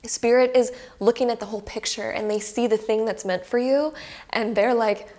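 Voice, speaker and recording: A woman's voice: fairly high pitch, normal speed, dark tone. A young woman giving a casual pick-a-card tarot reading to her camera. She talks in an effusive, emotional way and says "like" a lot. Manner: chatty and effusive, heavy use of "like", emotional. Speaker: tarot reader. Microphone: camera close by.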